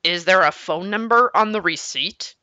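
A woman's voice: on the low side, moderate pace, pushed and bright, no room sound, highs cut off. A woman voicing a grumpy, stubborn middle-aged father in a children's book read aloud, speaking stern and clipped.

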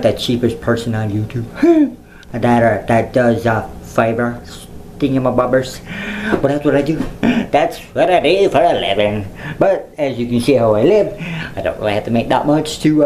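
A man's voice: medium pitch, darkish tone, a little hiss or hum, low-quality recording. A man chatting casually to viewers on a livestream, playful and giggly, often slipping into mocking sing-song voices. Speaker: YouTuber.

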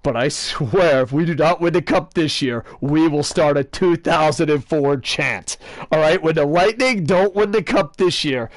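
Brief: fairly high-voiced male gaming host, sarcastic, rambling, swears freely, dry close sound. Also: moderate pace, no room sound. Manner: rambling, joking rants with sarcasm and cursing; excitable, talks to a friend off-mic. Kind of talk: casual gaming commentary.

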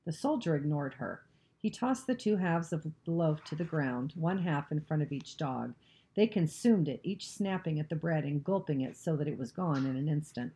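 A woman reading a novel aloud, narrating in a steady, even way. Her voice sits very low for a woman, with a warm, mellow tone. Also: normal speed.

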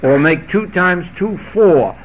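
Slow, deliberate man giving a spiritual lecture. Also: high voice, animated, slightly rough. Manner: deliberate, repeats scripture phrases with shifting emphasis. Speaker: spiritual teacher. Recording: dull lo-fi archival tape.

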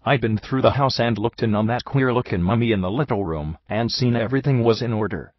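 A man's voice: medium pitch, fairly quick, no echo, lightly acted. A man voicing a young, anxious patrolman who reports earnestly and plainly, on a dull, dry recording.

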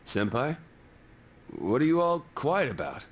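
An actor voicing a blunt, tough teenage boy in a video game, with a gruff manner. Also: medium pitch, very animated, a little slow. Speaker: game character. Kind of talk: English game dub.

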